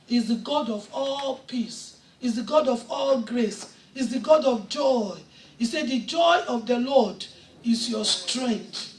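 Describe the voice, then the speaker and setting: High-voiced woman preaching with fervor. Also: takes it slowly, slight background noise. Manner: impassioned, swelling to shouts, quoting scripture. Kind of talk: sermon. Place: church sanctuary. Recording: echoey church sound from a distant mic.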